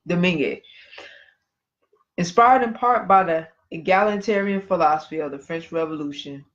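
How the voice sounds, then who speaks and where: High-voiced man on a dull livestream. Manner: conversational, reads passages then comments with asides. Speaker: podcast co-host. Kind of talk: casual podcast talk, reading history.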